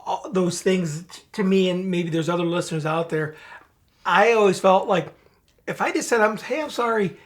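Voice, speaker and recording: A man co-hosts a podcast in relaxed conversation. He tells stories earnestly and directly, keeping to the point. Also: high voice, moderate pace. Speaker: podcast co-host. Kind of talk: casual chat.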